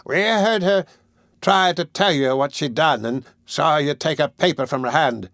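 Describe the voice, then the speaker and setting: A man reading an audiobook and voicing a shrivelled old woman who accuses someone in a slow, insistent way. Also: on the high side, fairly bright tone, no echo, clean studio sound, pitched above the performer's own voice. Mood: accusing.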